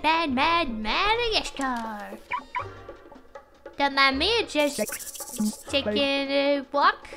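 A woman's voice: high voice, creaky. A woman streamer chatting casually over gameplay, bubbly and swearing when startled.

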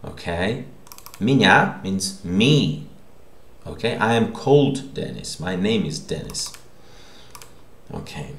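A man teaching a lesson in a slow, patient way, repeating each word and checking in with the listener. His voice is low and gravelly, with a lively, rising and falling pitch. The recording is echoey, as if made in a bare room. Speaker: language teacher.

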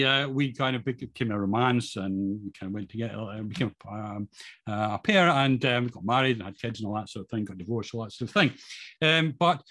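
Fast-talking middle-aged Scottish man. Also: medium pitch, sharp tone. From Scotland. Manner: chatty, rambling, lots of ums and restarts; self-deprecating humour. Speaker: guest speaker. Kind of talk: informal talk to an audience with slides.

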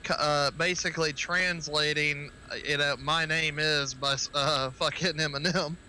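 A man's voice: fairly high pitch, steady tone, moderate pace, bright, forceful tone, a little hiss or hum. A man streaming a flight game, chatting casually with his squad over a headset, laughing often and telling rambling stories. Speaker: streamer and helicopter pilot. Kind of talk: casual gaming voice chat.

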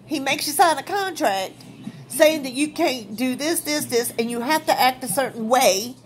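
A woman with a high voice vents to her viewers. She is blunt and heated and swears freely, in a casual opinion rant. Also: lively intonation, moderate pace. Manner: blunt, profane, fired-up. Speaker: vlogger.

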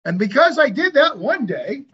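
A middle-aged man talks in a high voice as a guest in an interview. He tells stories earnestly and preaches a little, asking rhetorical questions. The recording sounds dull and lo-fi. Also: sing-song, normal speed, pushed and bright, breathy edge. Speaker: hyperbaric clinic owner, guest. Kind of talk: conversational interview storytelling.

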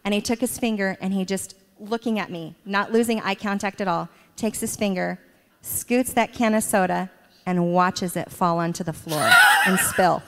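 A middle-aged woman with a mid-range, very animated voice speaks at normal speed, with slight background noise and the long reverb of a church hall. Interviewed on stage in a church sanctuary, she tells warm stories about her children, laughing often.

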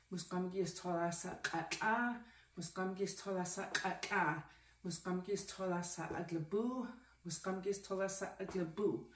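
A woman who is out of breath from exercise, slowly counting aloud in steady repetitions, then talking casually about keeping active. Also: on the low side, a little hiss or hum. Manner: slow rhythmic repetition, breathy and effortful. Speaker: language learner doing a fitness challenge. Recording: echoey room, mic at a distance.

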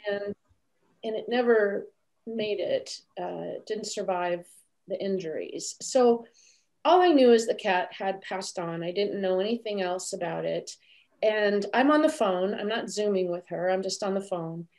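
A woman guest telling a story in an interview over a video call, lively and acting out what others said. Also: mid-range voice, a little slow. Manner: animated, acts out quoted voices. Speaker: animal communicator guest.

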